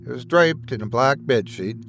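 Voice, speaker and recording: Male horror narrator, very animated pitch, steady music bed. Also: moderate pace. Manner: dramatic, animated storytelling. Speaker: podcast host and narrator.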